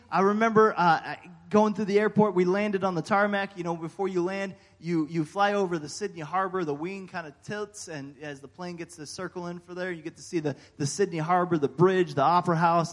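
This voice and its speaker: An American man preaching a sermon, telling a personal story in a folksy, animated way with frequent fillers and amens. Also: on the high side. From United States. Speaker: pastor.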